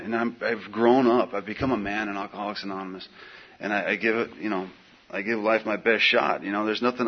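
A middle-aged man sharing his recovery story at a meeting, in a casual, slangy, animated way with lots of fillers. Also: on the low side, breathy edge. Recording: dull lo-fi recording.

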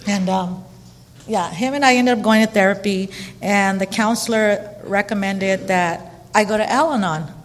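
A middle-aged woman candidly telling her own life story, chatty and animated with lots of fillers. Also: medium pitch, normal speed. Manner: chatty and animated, frequent fillers and quoted dialogue. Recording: long reverberant hall.

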